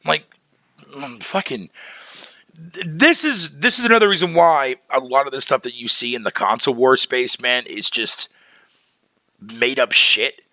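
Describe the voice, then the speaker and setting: A man's voice: medium pitch, moderate pace, bright, forceful tone, no echo. A man ranting casually on a livestream, heated and profane, full of slang, breaking off to greet viewers in chat. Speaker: streamer.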